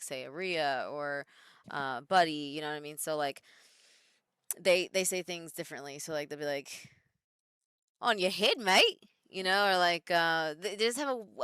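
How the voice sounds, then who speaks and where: A woman's voice: fairly low pitch, bright, forceful tone, clean tone, dry recording, studio quality. A woman in her thirties, a wrestler chatting casually on a live stream, reading viewer comments aloud and answering them at home.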